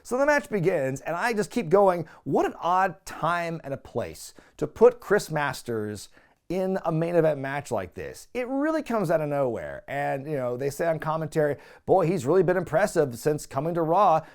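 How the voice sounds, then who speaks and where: A man casually recapping an old wrestling show as a podcast host, sarcastic and animated, acting out quotes in mock voices. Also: a little high, normal speed, clean tone.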